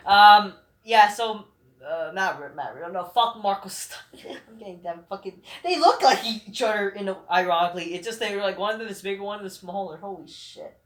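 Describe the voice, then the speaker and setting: A man's voice: high voice, fairly quick, fairly bright tone. Man ranting with heavy swearing. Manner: rambling, heated, full of swearing and restarts. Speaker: vlog host. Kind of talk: profane rant. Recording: roomy echoing room.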